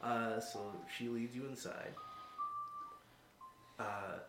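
A man narrating as game master in a casual, animated storytelling way. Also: mid-range voice, unhurried. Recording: roomy sound with loud guitar music.

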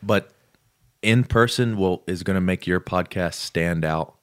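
A man's voice: deep voice, a little slow, smooth. A man in casual podcast conversation as a guest, telling stories and swearing freely. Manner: swears freely, tells stories with quoted dialogue.

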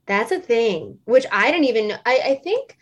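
A woman's voice: on the high side, big pitch swings, normal speed, dull audio. A woman in her late twenties, a singer, telling a story in casual interview chat, rambling and filling it with "like" and "um". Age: late 20s. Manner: chatty, rambling storytelling full of "like" and "um". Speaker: singer and stage performer guest.

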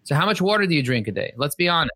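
Punchy, bright-voiced male sales coach. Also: a little high, big pitch swings, very fast, husky, no echo. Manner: emphatic, repetitive, preachy. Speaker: podcast host and sales coach. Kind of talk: motivational coaching talk. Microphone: podcast microphone.

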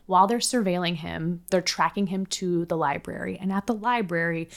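A woman with a fairly low voice recounts a true-crime case to her co-host. She talks casually and chattily, peppering her sentences with filler words and blunt swearing. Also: moderate pace, vocal fry. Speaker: podcast co-host.

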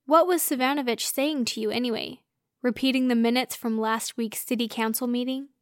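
A laid-back young man teases and banters, as a woman reader gives him voice. The tone stays fairly high, recorded dry and close to the mic. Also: steady tone, fairly quick, no echo, lightly acted. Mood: playful. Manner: playful, teasing. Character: teasing, snarky young man.

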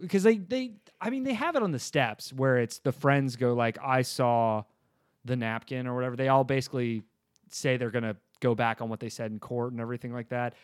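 A man chatting casually about a film he enjoyed, his words loose and rambling, with laughter often breaking in. His voice sits at a middle pitch. The recording is dry and close, with no room sound. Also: lively intonation, fast, no room sound. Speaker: podcast host. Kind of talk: casual movie review chat.

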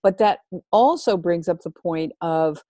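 A woman's voice: fairly low pitch, unhurried, mellow, dry recording, studio quality. A woman host in a podcast conversation, talking about parenting in an emphatic, instructive way and repeating her key phrases.

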